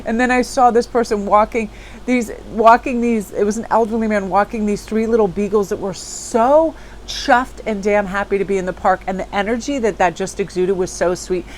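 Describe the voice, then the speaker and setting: Woman, tarot vlog host, warm-hearted spiritual chatter, average pitch, faint noise floor. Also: fairly even intonation, moderate pace, rough recording. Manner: upbeat, spiritual, chatty storytelling. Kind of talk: casual reflective monologue.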